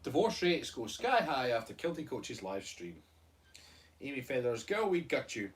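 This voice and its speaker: A man's voice: mid-range voice, big pitch swings, moderate pace, far from the mic. A Scottish man co-hosting a live stream, joking and bantering as he reads out viewer comments. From Scotland. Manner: joking, playful, laughing banter. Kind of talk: casual live-stream chat reading comments.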